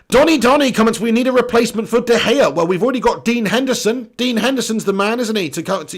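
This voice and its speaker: A young English man hosting a live football stream, reading viewer comments in a blunt, casual way and swearing freely. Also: high voice. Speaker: football channel host.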